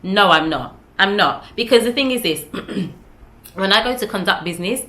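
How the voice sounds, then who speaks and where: A woman's voice: medium pitch, lively intonation, normal speed, pushed and bright. A young British woman with a British accent talking casually to camera, emphatic and repeating her points with tag questions. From United Kingdom. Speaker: vlogger.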